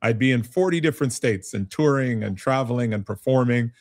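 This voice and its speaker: A middle-aged man from Canada, a business advisor, telling lively, self-mocking stories as a guest in a conversational interview. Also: medium pitch, fairly quick, no room sound, studio quality. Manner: animated storyteller, self-mocking.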